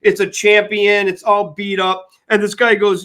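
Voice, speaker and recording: A man's voice: high voice, completely flat delivery, measured pace, sharp tone. An older man co-hosting a sports podcast, rambling and repeating himself as he banters and tells stories. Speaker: podcast co-host.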